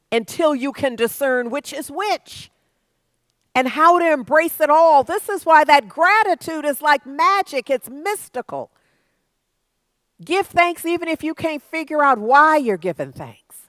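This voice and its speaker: A woman's voice: high-pitched, animated, measured pace, a bit bright, dry recording. A woman minister giving a sermon, conversational at first and building to emphatic preaching.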